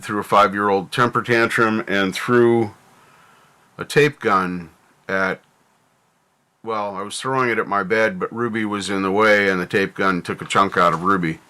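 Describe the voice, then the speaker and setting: Guy on stream talking it through slow, halting, lowish voice but bright and clear. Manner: halting, reflective, many fillers and restarts. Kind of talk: candid personal talk on stream.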